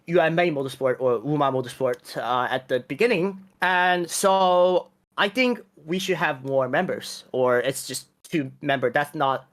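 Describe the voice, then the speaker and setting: Chatty team founder from China. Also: medium pitch. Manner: rambling and animated, laughs between phrases. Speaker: team founder and owner, podcast guest. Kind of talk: casual podcast chat, long storytelling.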